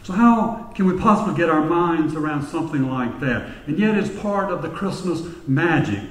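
Pastor guy telling stories in a sermon, middle pitch, big church echo. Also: far from the mic. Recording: echoey hall with long reverb.

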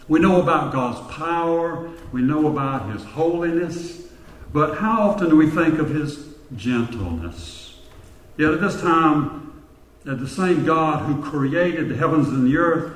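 Male preacher, storytelling sermon delivery, long hall reverb. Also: a little high. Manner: storytelling preacher, slowing for emphasis. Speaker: pastor.

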